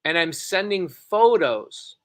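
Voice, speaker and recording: A middle-aged man telling a story in an excitable, animated way, with quick bursts and repeated phrases. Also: sits high. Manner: excitable, rapid and repetitive. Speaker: podcast co-host.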